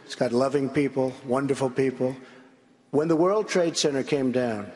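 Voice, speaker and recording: Speaking in a mid-range, slightly mellow voice at normal speed, an older male candidate fires back in a live presidential debate with repetitive, blunt emphasis. It's broadcast audio from a large hall where the crowd and reverb are audible.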